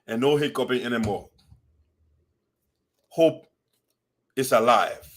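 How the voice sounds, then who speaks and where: A man's voice: medium pitch, slow. A man delivering an impassioned, preachy commentary, scolding rhetorically and quoting scripture. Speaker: diaspora community commentator.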